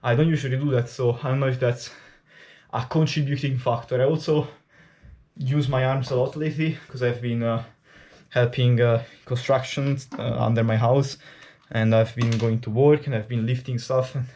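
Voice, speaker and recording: A native Italian speaker from Italy, a fitness vlogger, chats candidly to camera mid-workout, rambling and swearing freely. His voice is mid-range and darkish, with fairly even intonation at a normal speed.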